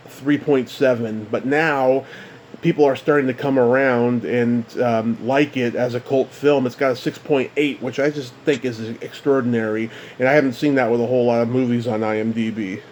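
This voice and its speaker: A man interviewing a guest, asking halting questions full of fillers. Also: medium pitch, steady tone, darkish tone, slight background noise.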